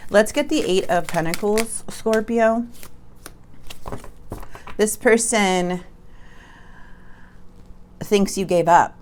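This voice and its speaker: A woman's voice: mid-range voice, extremely slow, long pauses, a little mellow, a little hiss or hum. A woman giving a casual tarot reading to her viewers, chatty and emphatic, often stumbling and restarting her sentences. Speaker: tarot reader.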